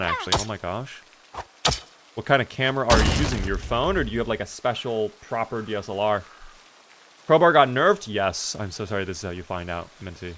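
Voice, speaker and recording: A young man of medium pitch, with a little hiss or hum behind him, casually chats through a live-streamed survival game. He reads chat aloud and breaks into lively, exasperated outbursts aimed at his character.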